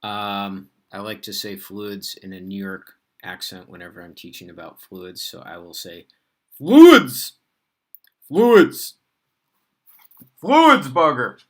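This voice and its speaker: A man teaching a recorded introductory physics lesson in a casual, relaxed way, often pausing with fillers. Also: low-pitched.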